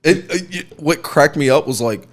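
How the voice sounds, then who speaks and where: A man co-hosting a podcast, chatting casually and telling a lively story with lots of "like" and "you know". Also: fairly high pitch, unhurried. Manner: lively, chatty, with many fillers and restarts. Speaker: podcast co-host.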